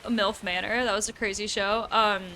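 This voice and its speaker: A woman's voice: medium pitch, flat delivery, normal speed, pushed and bright. Young east coast american woman streaming, chatty, laughs a lot, swears loosely, noisy background hum. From United States. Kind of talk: casual chat while gaming.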